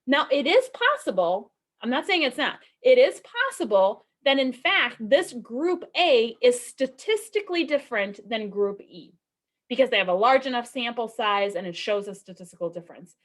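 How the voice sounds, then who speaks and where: A woman's voice: a little high, lively intonation, normal speed. A woman giving a recorded statistics lecture in a conversational way, asking rhetorical questions and often checking in with okay and right. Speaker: statistics instructor.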